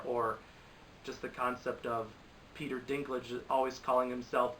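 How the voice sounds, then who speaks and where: A movie reviewer recovering from a cold rambles to camera about bad films, exasperated and often restarting his sentences. His voice is bright and ringing, medium in pitch with little movement, at normal speed. He sits back from the mic in a low-quality home recording with a faint hiss.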